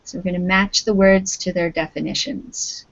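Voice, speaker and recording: A woman's voice: fairly low pitch, steady tone, moderate pace. A woman with a Canadian accent, teaching an English lesson over a video call and patiently prompting her students. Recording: dull lo-fi video call audio.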